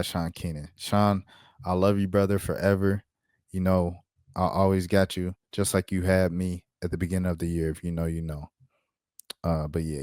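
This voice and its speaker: A man's voice: on the low side, a little mellow, no echo. A man hosting his own channel, reading news aloud in a casual commentary style with offhand asides. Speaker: channel host.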